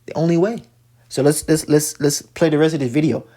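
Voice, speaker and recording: A man's voice: fairly high pitch, steady tone, fairly quick, background noise. A man giving profane, preachy religious commentary while reacting to a video, talking emphatically with many stammered restarts.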